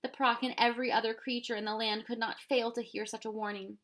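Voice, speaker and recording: A woman reading a children's storybook aloud with expressive narration. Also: on the high side, quick pace. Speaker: reader.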